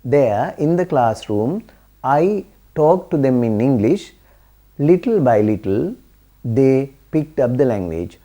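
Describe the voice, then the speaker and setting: Slow, dark-voiced male teacher. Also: mid-range voice, big pitch swings, highs cut off. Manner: earnest, repeats key points. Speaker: English teacher. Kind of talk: explanatory talk to camera.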